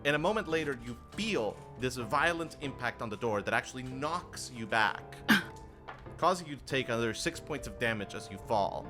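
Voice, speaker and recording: A man running a tabletop game as dungeon master, narrating in a relaxed, rambling way with asides. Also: mid-range voice.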